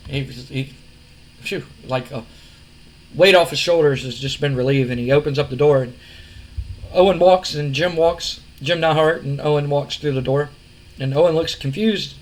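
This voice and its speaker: A man casually narrating a wrestling simulation game, rambling and restarting. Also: on the high side. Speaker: gamer narrating a wrestling sim.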